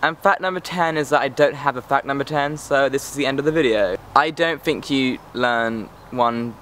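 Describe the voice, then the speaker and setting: A man's voice: mid-range voice, normal speed, a bit bright, a little hiss or hum. A teenage boy from England, chatting to camera outdoors in a sarcastic, rambling, easily distracted way. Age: teens. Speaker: vlogger. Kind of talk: casual chat to camera.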